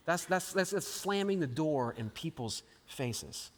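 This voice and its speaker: A man preaching a live sermon, animated, acting out scripture quotes and swinging between loud and hushed lines. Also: a little high, measured pace. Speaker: pastor. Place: large church auditorium. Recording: live sermon with long hall reverb.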